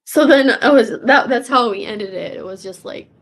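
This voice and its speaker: A woman in her fifties with a gravelly voice, telling a personal story in a rambling, profane way, full of restarts and repeated words. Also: a little high, normal speed, fairly bright tone. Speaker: vlogger. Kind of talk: casual confessional storytelling.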